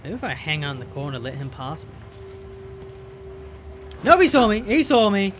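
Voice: medium pitch, very animated, moderate pace, soft background music. Gamer swearing through a horror playthrough. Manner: profane, exasperated running commentary; yells at the game in bursts. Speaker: let's play gamer. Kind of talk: live gameplay commentary.

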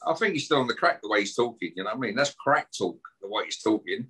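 A man's voice: fairly low pitch, animated, quick pace, pushed and bright, husky. A man doing a swearing rant. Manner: aggressive, swearing, taunting. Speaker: podcast guest. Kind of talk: heated podcast rant.

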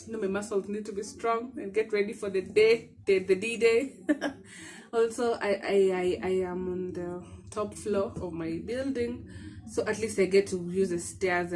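A woman's voice: medium pitch, a little mellow. A woman with a Kenyan accent vlogging casually to camera from her bedroom, short of breath, chatty, often laughing and dropping Swahili words into her talk. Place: bedroom at home.

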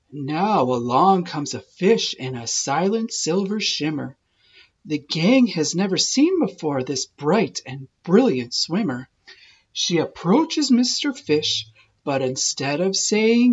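A woman narrates a rhyming children's picture book in a slow, lilting read-aloud. Her lower, husky voice rises and falls widely. The recording sounds dull and lo-fi. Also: very animated. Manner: slow, sing-song rhyming delivery. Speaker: storybook reader.

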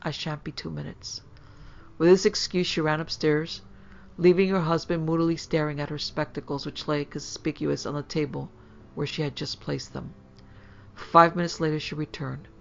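Gravelly woman narrating a ghost story. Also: low voice, fairly even intonation, normal speed. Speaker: podcast narrator. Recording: slightly dull lo-fi sound.

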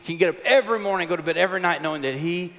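A man's voice: high voice, very fast, a bit bright. A man, preaching a chapel sermon with folksy, humorous storytelling. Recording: long hall reverb.

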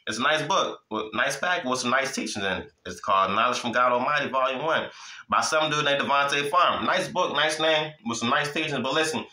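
A man's voice: medium pitch, fairly quick, bright, forceful tone, echoey room, poor audio. A man giving an informal Bible teaching, preaching in a casual way, often asking "you hear me?" and chuckling. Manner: repeats "you hear me?" and "listen to me", chuckling, conversational.

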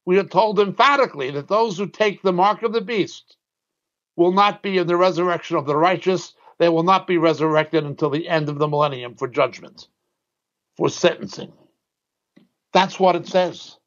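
A man with a high voice preaches with emphatic, insistent force. He drives his points home with sudden drops in pitch. The recording sounds dull and lo-fi. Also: moderate pace, a bit bright. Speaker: Bible teacher. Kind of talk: sermon.

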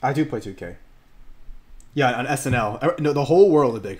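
Lively joking card-break host man. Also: mid-range voice, fairly quick, pauses often. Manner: joking, animated, laughs often. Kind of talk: casual livestream commentary.

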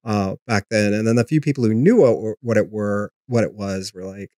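A man's voice: fairly low pitch, moderate pace, dark tone, no echo, clean studio sound. A man, a podcast host, answering questions in a casual, rambling way, with lots of ums and restarts. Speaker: podcast host being interviewed. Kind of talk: casual conversational interview.

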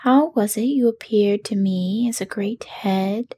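A woman's voice: mid-range voice, measured pace, mellow, slightly rough. A woman voicing an earnest, questioning young girl in whispered role-play. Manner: insistent, puzzled.

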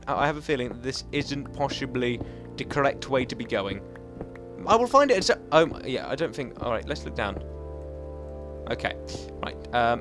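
A young man giving let's play commentary, self-mocking with sudden excited outbursts. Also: fairly high pitch. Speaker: gaming channel host. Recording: faint game music behind.

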